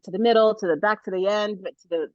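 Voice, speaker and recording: A middle-aged American woman telling a story in a casual interview, animated and laughing often, with many restarts. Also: medium pitch, fast talker, no echo, highs cut off. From United States. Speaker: author guest.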